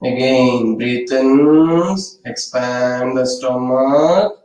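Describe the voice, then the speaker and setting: A man guiding a yoga class in calm, gentle, step-by-step instructions. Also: medium pitch, very slow. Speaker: yoga teacher. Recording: echoey room from far off.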